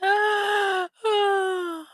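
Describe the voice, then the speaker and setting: A bright, high-pitched woman in middle age chats slowly and warmly through her morning show, giggling often. The sound is close and dry, with no room around it. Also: little pitch movement, dry recording. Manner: giggly, chatty, frequently laughing at her own jokes. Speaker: host of a daily morning show. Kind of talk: casual livestream chat reading memes.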